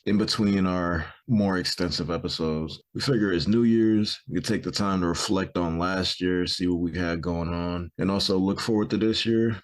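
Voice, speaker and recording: A man co-hosting a podcast in laid-back casual chat, full of easy fillers. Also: low-pitched. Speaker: podcast co-host.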